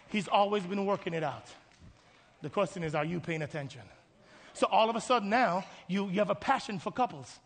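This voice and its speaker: A pastor preaching an impassioned sermon in a church, swinging from hushed asides to shouting and calling for responses from the congregation. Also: male voice, high-pitched, expressive, brisk. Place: church sanctuary. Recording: reverberant hall with faint music.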